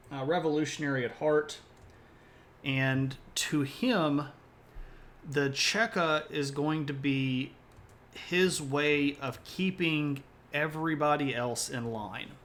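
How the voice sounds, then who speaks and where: A man's voice: fairly high pitch, fairly bright tone, a little hiss or hum. A man lecturing on history during a live stream, rambling a little, correcting himself and tossing in joking asides.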